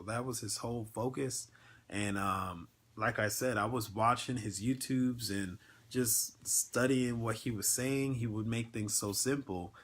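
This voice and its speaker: A man's voice: mid-range voice, a little slow, fairly bright tone, slight background noise. A man hosting a casual livestream, talking in an earnest, emotional way with many filler words and ums. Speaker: network marketing livestream host.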